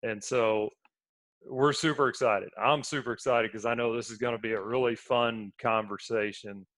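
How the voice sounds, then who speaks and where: Laughing as he tells a story, a sick-feeling man co-hosts a sports podcast in a casual chat. His mid-range voice is steady and fairly bright, at normal speed with no echo.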